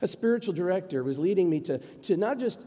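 A man preaching a sermon in a church sanctuary, telling stories in a relaxed, conversational way. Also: high-pitched, brisk. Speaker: pastor. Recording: long reverb of a church hall.

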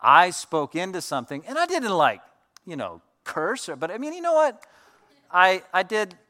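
Bright-voiced man preaching a casual sermon. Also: high voice, huge pitch swings, normal speed. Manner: conversational storytelling with many fillers. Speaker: pastor.

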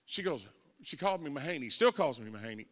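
An older man preaching a folksy testimony sermon as an evangelist, telling stories and rising into shouted preaching. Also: medium pitch, very animated, fast talker. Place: church sanctuary. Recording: long church hall reverb.

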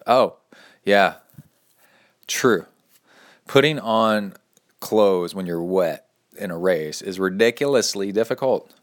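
A man hosting a podcast and coaching triathletes, chatting casually and reading listener emails aloud with playful dramatic flair and quick asides. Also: deep voice, fairly bright tone.

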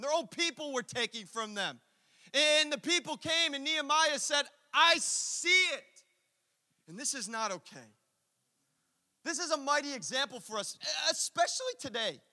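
A man preaching a sermon, telling a story with lively acted-out quotes and asides. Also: very high voice, long reverb tail. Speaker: pastor.

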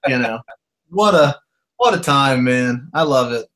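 Man co-host, mid-pitched, relaxed and teasing, steers the show. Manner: laid-back, joking, drawn-out fillers. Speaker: podcast co-host. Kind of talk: casual sports talk.

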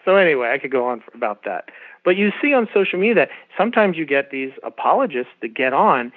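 A man's voice: on the high side, very animated, fast talker. A middle-aged man, a guest calling in, explaining at length in an earnest, preacherly way. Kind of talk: interview guest on a phone line. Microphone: phone. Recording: tinny phone line.

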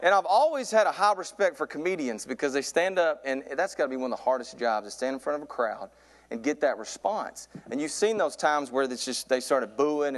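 A man in his thirties preaching a sermon from a church pulpit, telling a comic story and getting louder and higher as it builds. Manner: animated storyteller, voice climbs high in excitement. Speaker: youth pastor preaching.

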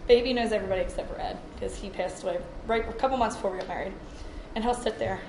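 A woman's voice: a little high, quick pace. A woman speaks casually about her young son, chatty and amused. Her voice sits in an echoey room with background noise. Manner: chatty, laughs while telling. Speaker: mother. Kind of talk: casual storytelling.

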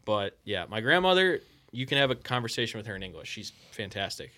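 A man's voice: lowish voice, very animated, fairly quick, sharp tone. A man co-hosting a podcast in casual chat, chatty and teasing, often restarting his sentences. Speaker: podcast co-host.

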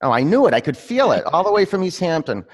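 A man's voice: fairly high pitch, very animated, fast. A man leading a live-streamed yoga class, giving pose cues between rambling, laughing asides. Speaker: yoga teacher.

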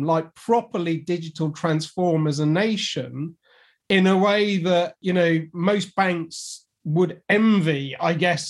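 A man in a podcast discussion, speaking reflectively and hedging his remarks. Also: high voice. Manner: reflective, hedging with "you know" and "I guess".

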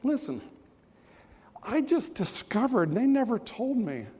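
A man's voice: very high-pitched, unhurried, husky, long reverb tail, voice pushed up, heavily acted. A man voicing a tired, defeated male racing greyhound who speaks in a resigned, sighing way. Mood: weary resigned. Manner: sighing, resigned, flat delivery.

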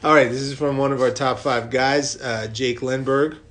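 A man co-hosting a podcast in casual chat, talkative and quick to laugh, reading out listener mail. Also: mid-range voice, fairly even intonation, fairly bright tone. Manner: chatty, laughs easily, reads listener mail aloud. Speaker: podcast co-host.

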